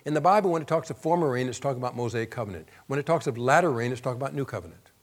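A man's voice: medium pitch, animated, very fast. A man preaching a sermon in a conversational way, asking the audience questions and rising to emphasis when he reads scripture.

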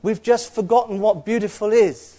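A man's voice: high-pitched, normal speed, warm tone. A man preaching a sermon in an earnest, conversational way, with asides to the congregation.

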